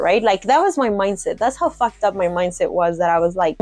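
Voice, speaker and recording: A woman's voice: mid-range voice, expressive, a little fast, a little mellow, no room sound, faint music behind. A young woman candidly telling her own story, blunt, swearing freely and laughing at herself. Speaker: MMA fighter sharing her story.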